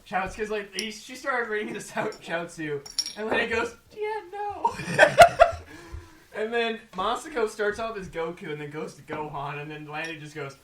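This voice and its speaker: A man co-hosting a podcast, telling convention stories in a casual, animated way and acting out the quotes. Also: high voice, normal speed. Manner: animated, laughing retelling with acted quotes. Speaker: podcast co-host. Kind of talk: casual storytelling chat. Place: room at an anime convention. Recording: roomy, noisy room recording.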